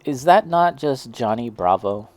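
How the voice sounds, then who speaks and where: A man's voice: medium pitch, animated, unhurried, a little mellow, dry recording. A young man casually chatting as he tastes and reviews snacks, self-deprecating and reacting as he eats. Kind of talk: casual snack tasting chat.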